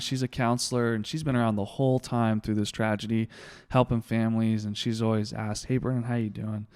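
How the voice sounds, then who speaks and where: A young man with a smooth, resonant voice at a middling pitch tells a raw personal story as an interview guest. He talks haltingly, restarting lines and searching for words. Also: darkish tone. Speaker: guest, former hotshot firefighter.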